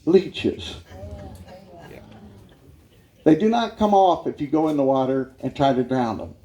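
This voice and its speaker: A man giving a humorous life-story testimony as a guest speaker, animated and often laughing as he tells it. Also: fairly high pitch, a little slow.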